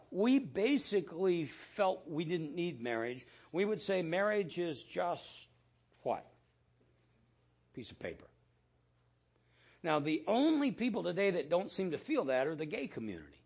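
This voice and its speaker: A man's voice: high-pitched, lo-fi sound. An older man preaching a sermon as pastor, telling stories with quoted dialogue and self-deprecating asides.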